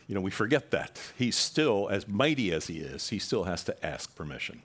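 Male pastor, lowish voice, chatty sermon delivery that livens up when quoting others. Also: big pitch swings, normal speed, hardly any pauses, fairly bright tone, husky. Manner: conversational preaching, acts out quoted voices with rising animation.

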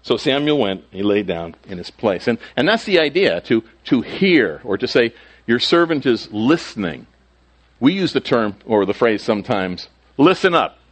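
A man's voice: medium pitch, big pitch swings, normal speed. A male pastor teaching through a Bible passage in a conversational sermon, sometimes acting out the quoted speakers.

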